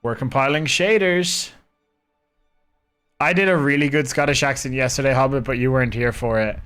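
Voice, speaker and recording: A man of middle pitch streams a game from his own room, rambling and chatting with viewers. Faint music plays behind his talk. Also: moderate pace, a bit bright, clean tone. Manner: rambling, chatty, talking to chat. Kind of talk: casual live-stream chat.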